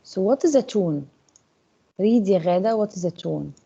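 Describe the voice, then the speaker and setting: A woman's voice: mid-range voice, expressive, moderate pace, creaky, mellow, husky. A woman teaching an English class, often checking in with her students by asking "Okay?". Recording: dull lo-fi classroom recording.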